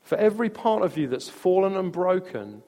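A man preaching a sermon, telling a story in a conversational way with restarts and soft laughs. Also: sits high, sing-song, moderate pace. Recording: long reverb of a large hall.

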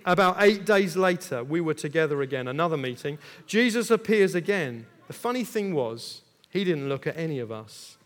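Jokey man with high voice. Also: normal speed, hardly any pauses. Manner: chatty, jokey and lively, with lots of asides. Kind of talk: comic first-person Bible retelling. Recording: long echo of a large hall.

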